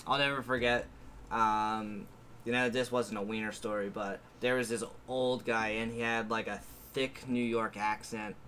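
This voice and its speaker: A man's voice: fairly low pitch, little pitch movement, moderate pace, sharp tone, a little hiss or hum. A man telling rambling crude stories in casual podcast chat.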